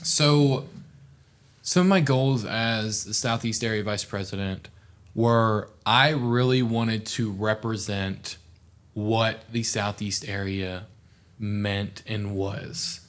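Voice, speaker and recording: A man's voice: on the low side, fairly even intonation, slow. A young man, a podcast guest talking in an earnest, heartfelt, rambling way full of "like". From southeast Oklahoma. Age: young adult. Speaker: podcast guest, former student officer. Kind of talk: casual podcast interview.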